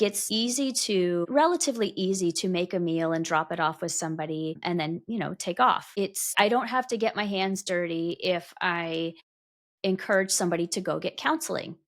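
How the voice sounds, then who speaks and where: A woman hosting a podcast interview, talking thoughtfully and rephrasing her long questions as she goes. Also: fairly low pitch. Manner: thoughtful, self-correcting, asks long questions. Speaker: podcast host. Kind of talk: casual interview chat.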